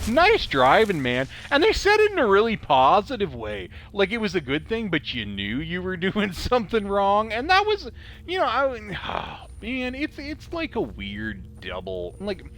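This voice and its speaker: A man's voice: sits high, a bit bright, slight background noise. Rambling gamer man with an Idaho drawl. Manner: rambling, laughs often, self-mocking, snarky. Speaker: gamer commentating his play. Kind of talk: casual gameplay commentary with storytelling.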